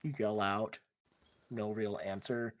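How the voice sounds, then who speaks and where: A woman's voice: a bass voice, steady tone, slow pace. A woman narrating as game master in a casual tabletop session, with fillers and frequent laughs.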